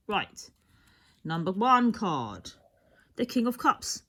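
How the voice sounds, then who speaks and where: A husky, slightly bright mid-range voice belongs to a woman reading tarot cards. She's very animated but slow, pausing often, and her rambling, reflective reading keeps stopping mid-thought, sometimes fading almost to a whisper.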